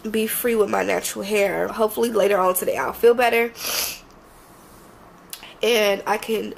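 A young woman talks straight to her camera, congested and a little emotional. Her voice has a gravelly, creaky edge, and she rambles in a loose, heartfelt way over a faint hiss in the background. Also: mid-range voice, steady tone, normal speed, low-quality recording. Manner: rambling, heartfelt, frequent "you know what I mean". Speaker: vlogger. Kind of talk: casual talk to camera.

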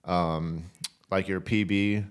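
A man with a very deep voice tells a story in easy, casual conversation. He is chatty and animated. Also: takes it slowly, smooth. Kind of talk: casual chat.

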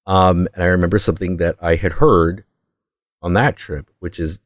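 A man hosting his own show, telling a story as a casual monologue in an intense, profane, excitable way. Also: low voice, moderate pace, no echo, studio quality. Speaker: host.

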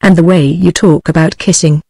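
Earnest preachy teen boy, read flat by a british lady tts voice, dry sound. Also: lowish voice, normal speed, gravelly, breathy edge, no room sound. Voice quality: even, mechanical text-to-speech delivery. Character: earnest preachy sixteen-year-old boy.

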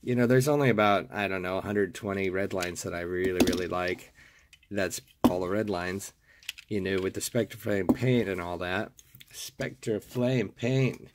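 A man with a gravelly, hoarse morning voice, casually showing off a collection in a video and gushing over each piece, often repeating words with delight. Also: low voice, fairly even intonation, normal speed, very noisy. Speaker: toy car collector and seller. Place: home desk.

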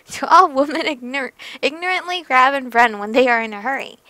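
A woman with a bright, high voice reads a story game aloud, stopping for giggly, chatty comments. The mic is close and dry, with faint game music underneath. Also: lively intonation, moderate pace, no echo. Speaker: game streamer.

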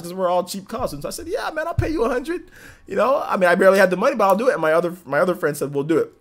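Streamer host, man in his thirties, casual slangy storyteller, very lively pitch. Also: racing. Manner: animated storytelling, slangy and rambling. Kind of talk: casual livestream chat.

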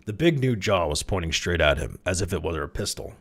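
A man reading a short story aloud, with lively delivery and amused asides. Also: low voice, a little fast. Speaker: reader.

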